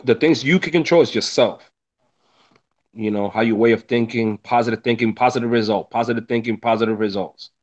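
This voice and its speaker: A man's voice: lowish voice, lo-fi sound. A man talking casually on a discussion panel, giving emphatic, preachy life advice and swearing freely. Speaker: panel speaker, rideshare driver. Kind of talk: casual motivational talk.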